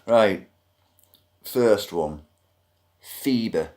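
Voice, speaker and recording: A blunt British man griping in a vlog rant, cursing as he goes. He talks at a slow, dragging pace. His pitch leaps around expressively. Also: expressive, a little mellow. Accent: British English. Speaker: vlogger. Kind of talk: ranting monologue.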